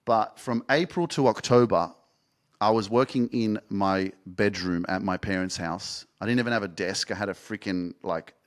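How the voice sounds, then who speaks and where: A young man with a lowish voice tells a personal story on his podcast. He talks casually and candidly, rambling with restarts and dropping swear words freely. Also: moderate pace. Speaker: podcast host and life coach.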